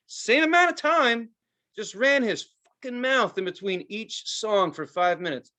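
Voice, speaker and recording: A man's voice: sits high, lively intonation, a little slow, sharp tone. A man co-hosting a podcast, telling a story in a casual, exasperated rant full of swearing. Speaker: podcast co-host. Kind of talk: casual ranting chat.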